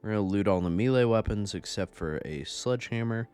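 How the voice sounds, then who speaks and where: Young man, deep low voice, casual game commentary, rambling, profane, self-mocking. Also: a little fast, a little mellow, clear, resonant tone, soft background music. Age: young adult. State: a bit out of breath. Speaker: gaming YouTuber. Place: home.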